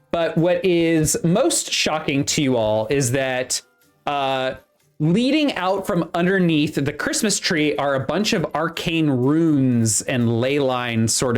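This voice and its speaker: A game master narrating a tabletop game, halting often with fillers and restarts. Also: medium pitch.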